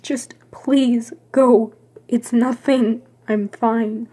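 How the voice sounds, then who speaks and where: Woman playing a crying young woman, husky and high, defensive, home-made drama. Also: steady tone, normal speed, a little mellow. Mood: tearful. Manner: pushes others away, pleading.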